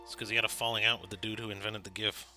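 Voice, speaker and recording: A man's voice: on the low side, steady tone, rapid-fire, bright, forceful tone, faint music behind. A man acting as game master on a livestream, chatting casually while sorting out his setup. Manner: laid-back, chatty, fiddling with the stream setup.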